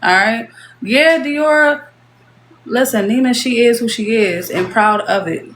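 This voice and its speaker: A woman's voice: a little high, a little slow, fairly bright tone, echoey room, a little hiss or hum. A woman hosting a casual live-stream chat, reading viewer comments aloud in a playful way. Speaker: show host.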